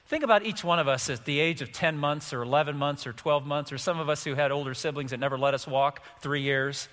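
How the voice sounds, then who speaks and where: A middle-aged man pastor preaching a sermon, animated, acting out quotes with sudden swings from soft to loud. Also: on the high side, fairly quick, in a large hall. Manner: animated, acts out quotes with big swings in loudness.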